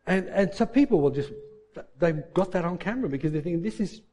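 A man with a fairly high, mellow voice tells a story in a lively, animated way. He slips into the voices of the people in it and sometimes stumbles over repeated words. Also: fast. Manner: animated, acts out quoted voices, repeats words when excited. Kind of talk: motivational storytelling.

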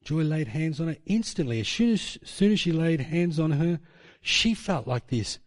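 Animated preacher man. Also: on the high side, normal speed. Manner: animated storytelling preacher, rhetorical questions. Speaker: pastor. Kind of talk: sermon.

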